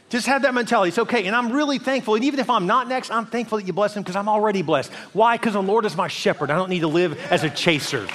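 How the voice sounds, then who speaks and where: A middle-aged man preaching a sermon as pastor, in an animated, conversational way with playful asides. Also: high voice, rapid-fire, few pauses. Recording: long hall reverb.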